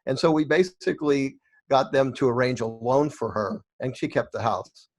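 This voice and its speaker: Middle-aged man telling lively stories. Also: mid-range voice, normal speed. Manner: animated storyteller acting out quoted dialogue. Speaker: guest, real estate investor. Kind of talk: storytelling interview answers.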